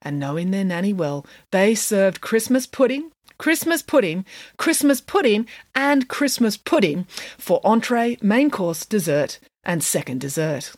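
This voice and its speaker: A woman reading her own children's storybook aloud with expressive, playful narration. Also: mid-range voice, a little slow, dry recording, clean studio sound. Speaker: author reading her book.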